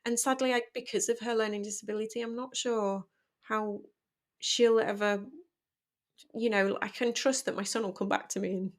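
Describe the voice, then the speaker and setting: A woman's voice: mid-range voice, normal speed. A middle-aged woman speaking candidly and emotionally as a podcast guest about parenting. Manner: candid, emotional, animated storytelling. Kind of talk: personal conversation.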